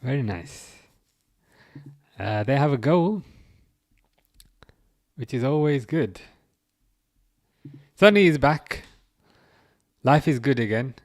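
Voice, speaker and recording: A man's voice: medium pitch, animated, slow pace, long pauses, dry recording, studio quality. A man hosting a football livestream, chatting casually, chuckling wryly and answering comments from chat. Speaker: livestream host.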